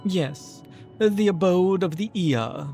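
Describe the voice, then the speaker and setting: A man reading the lines of a solemn, otherworldly ghostly creature in a stately, measured way. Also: high-pitched, lively intonation, gravelly, music in the background, voice pushed up, full character voice.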